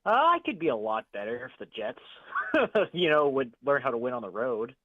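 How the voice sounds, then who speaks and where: A male caller coming through a tinny phone line, dry and thin. He sounds eager and chatty. He talks in quick bursts full of fillers. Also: medium pitch, huge pitch swings, no room sound. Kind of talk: call-in chat.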